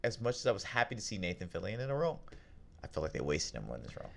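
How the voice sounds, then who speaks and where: A man co-hosting a casual film review podcast, talking in an animated way and acting out lines from the movies. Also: sits low, very fast, creaky. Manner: animated, acts out quotes in lively voices. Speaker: podcast co-host.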